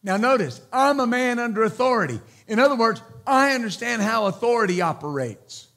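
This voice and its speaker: A man with a notably high voice preaches a sermon from the pulpit. He drives his points home through repetition and sudden loud exclamations, with a firm, emphatic delivery. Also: lively intonation, fairly quick. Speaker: pastor.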